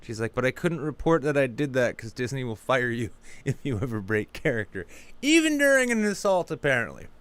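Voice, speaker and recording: Crisp-voiced joking podcast man. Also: brisk. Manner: crude, joking, jumps into high mocking character voices. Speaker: podcast co-host. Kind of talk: casual comedic chat.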